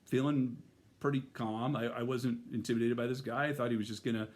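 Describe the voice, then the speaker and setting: A man's voice: medium pitch, fairly even intonation, a little fast, a little mellow. A middle-aged man telling a personal story in a casual, rambling way, full of fillers and restarts.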